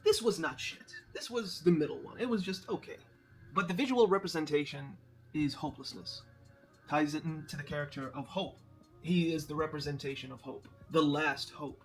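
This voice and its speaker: A man giving casual, profane, animated commentary as a movie reviewer, slangy and laughing at his own jokes. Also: fairly high pitch, normal speed, faint music behind.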